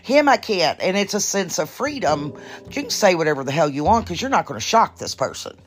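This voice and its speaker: A woman hosting her own podcast in casual chat, blunt and profane, a little nervous and halting. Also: lowish voice, big pitch swings, soft background music. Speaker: podcast host.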